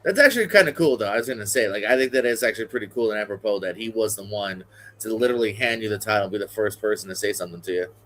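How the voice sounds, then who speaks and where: A man's voice: fairly low pitch, racing, a bit bright, slight background noise. A male host asking an interview guest questions and reading out wrestling history with lots of fillers. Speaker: podcast host.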